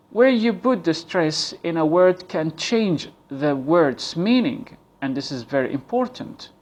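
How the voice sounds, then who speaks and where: A man teaches English pronunciation at an unhurried, careful pace. His voice sits somewhat high for a man. He repeats key points and sounds out example words slowly. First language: Arabic. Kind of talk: slow, deliberate pronunciation lesson.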